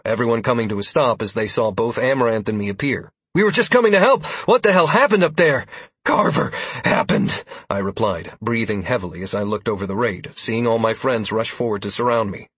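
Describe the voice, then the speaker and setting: Husky male audiobook narrator. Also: lowish voice, dry recording. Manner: steady, dramatic reading. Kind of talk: first-person fantasy audiobook narration.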